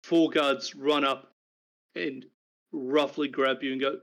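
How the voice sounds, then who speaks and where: A man narrating a tabletop game as game master, calm and brisk. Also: medium pitch, gravelly. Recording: dull lo-fi recording.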